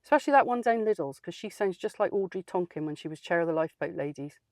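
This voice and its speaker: A woman's voice: on the low side, animated, quick pace, darkish tone, dry recording. A woman playing a feisty, outspoken older lady, telling a comic story in a dry, sardonic way. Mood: wry. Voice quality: dry, plain-spoken and sardonic. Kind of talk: comic character monologue.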